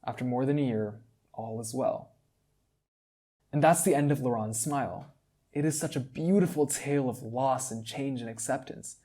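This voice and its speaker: A man calmly narrating a fantasy story in a measured reading voice. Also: mid-range voice.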